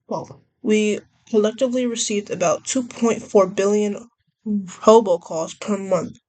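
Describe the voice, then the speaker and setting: A woman's voice: mid-range voice, steady tone, measured pace, mellow. A young woman vlogger rambling casually, often trailing off and restarting her thoughts. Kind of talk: casual chat.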